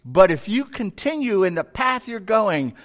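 God speaking earnestly, as a preacher puts him on. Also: male voice, high voice, sing-song, unhurried, a bit bright, exaggerated voice. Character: God speaking calmly to a man.

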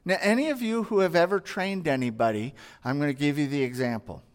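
A pastor with a fairly high-pitched voice preaches a sermon at a brisk pace, earnest and conversational in tone. He acts out everyday dialogue and poses rhetorical questions to his listeners.

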